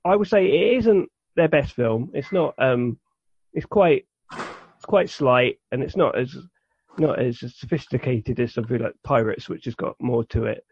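A man's voice: mid-range voice, measured pace, darkish tone, breathy edge. A man co-hosting a podcast, chatting casually and rambling with many restarts and fillers. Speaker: podcast co-host. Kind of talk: casual chat. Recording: dull lo-fi sound.

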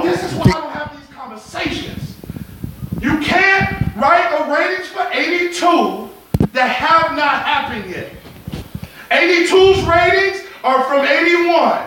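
Brief: very high-voiced man, insistent, echoey noisy room recording. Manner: loud, insistent, repeats his point. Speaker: podcast co-host. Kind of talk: heated casual debate.

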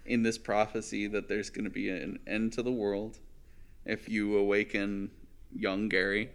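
A man's voice: fairly low pitch, level tone, measured pace, smooth. A man in casual conversation making wry, joking asides about a film. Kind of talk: casual chat reviewing a film.

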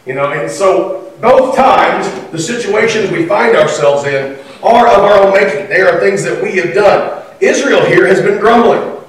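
High-voiced man preaching in an echoey hall. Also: a little slow. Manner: conversational, animated, acts out quoted voices. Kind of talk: sermon. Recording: echoey room from far off.

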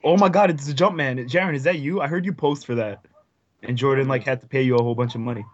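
A man's voice: medium pitch, fast, a little hiss or hum. A man co-hosting a podcast in casual chat, teasing and hesitant, with many ums. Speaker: podcast co-host. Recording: dull lo-fi recording.

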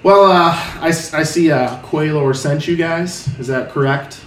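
A man's voice: a little high, a little slow, a bit bright, a little hiss or hum. A man voicing a bossy human male dock master who barks orders, hesitant and full of fillers, heard with a roomy echo from off the mic. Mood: gruff.

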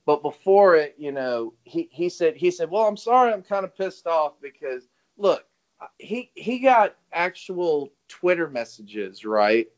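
A man's voice: fairly high pitch, big pitch swings, measured pace. A man co-hosting a casual wrestling podcast, rambling, swearing and laughing as he retells what others said. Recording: dull lo-fi audio.

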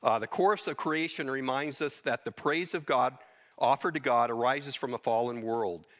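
A middle-aged man delivers a sermon in a bright, forward voice. He teaches earnestly through scripture, speaking off the cuff with small restarts along the way. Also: mid-range voice, normal speed. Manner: earnest, unscripted Bible teaching, with restarts and quoted verses. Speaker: preacher.

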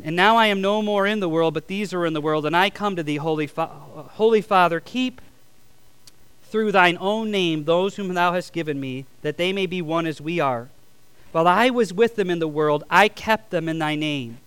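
A man's voice: high voice, normal speed, fairly bright tone, smooth, dry recording. A male pastor preaching a sermon, reading scripture aloud and leading the congregation in call-and-response with emphatic peaks.

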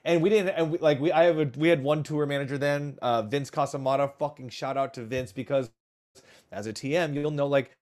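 Profane musician telling road stories. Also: male voice, fairly high pitch, fairly quick. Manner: profane, animated storyteller with restarts. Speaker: touring musician. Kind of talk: casual chat.

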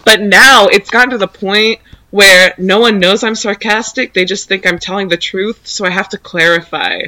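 A woman's voice: medium pitch, steady tone, normal speed, sharp tone, low-quality recording. Dry, rambling young woman guest. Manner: dry, self-mocking, rambling. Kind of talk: casual chat, storytelling.

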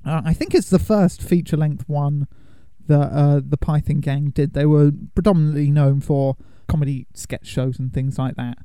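Chatty man with a dark tone. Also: fairly high pitch, steady tone, normal speed, clear, resonant tone, no room sound. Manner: chatty, laughs often while explaining. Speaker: podcast host. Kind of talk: casual chat.

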